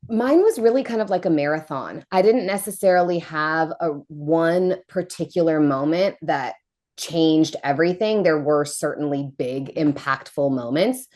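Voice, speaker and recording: Woman in her 30s, low voice, chatty and animated, does little voices when she quotes people. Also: normal speed. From United States. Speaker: podcast guest. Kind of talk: casual storytelling interview.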